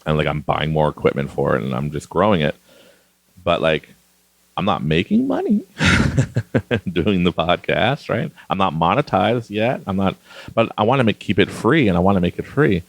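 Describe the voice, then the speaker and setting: A man's voice: sits low, big pitch swings, moderate pace, vocal fry, no room sound. A middle-aged man from Canada hosting a podcast, rambling casually and laughing often as he talks. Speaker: podcast host. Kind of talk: casual monologue.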